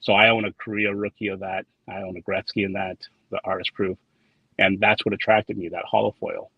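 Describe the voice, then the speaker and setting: A trading card designer speaks fairly quickly in a low, creaky voice with a breathy edge and little pitch movement. As a guest in a casual interview, he rambles, repeats words and quotes dialogue in his anecdotes, all in a dry, dull lo-fi recording.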